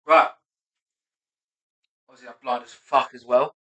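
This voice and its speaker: A man's voice: mid-range voice, steady tone, a little slow, sharp tone, highs cut off. A man, a stand-up comedian rehearsing his set aloud, self-mocking and sweary, muttering asides between punchlines. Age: 30s. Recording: roomy and distant.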